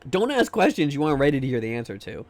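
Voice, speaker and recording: A man's voice: mid-range voice, very animated, quick pace, a little mellow, no room sound. A man streaming live, chatting casually and joking with his viewers, often trailing off into repeated fillers.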